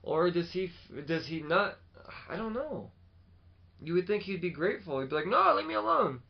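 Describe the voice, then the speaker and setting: A man co-hosting a podcast, chatting casually and animatedly about comics, swearing freely and acting out lines in quick bursts. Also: on the high side, lo-fi sound. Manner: animated, swears often, acts out quotes. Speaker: podcast co-host. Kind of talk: casual chat.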